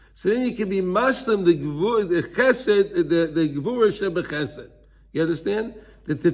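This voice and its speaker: Here a Torah teacher speaks in a high, husky voice with a somewhat bright quality. He's earnest as he explains passages, weaving in Hebrew terms and acting out brief scenes.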